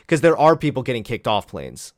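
A man's voice: medium pitch, sing-song, fairly quick, dry recording, clean studio sound. A young man casually reacting to clips on a vlog, sarcastic and profane, laughing at his own jokes. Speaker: political commentary vlogger.

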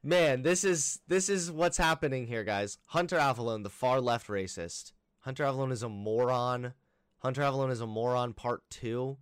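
A man's voice: mid-range voice, normal speed, clear, resonant tone, dry recording, clean studio sound. A man hosting a reaction video, mocking the clips he plays with sarcastic asides. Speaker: YouTube commentator.

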